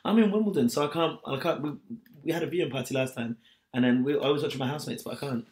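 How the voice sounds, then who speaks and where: A man's voice: mid-range voice, quick pace, darkish tone. A young man from England co-hosting a casual podcast, with a slightly posh-sounding way of speaking. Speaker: podcast co-host. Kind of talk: casual chat.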